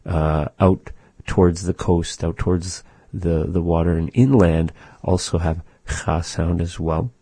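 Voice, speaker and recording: Slow, deep-voiced man teaching pronunciation. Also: dark tone, breathy edge, dry recording. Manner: slow, patient, demonstrates sounds. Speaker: language teacher. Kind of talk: radio language lesson.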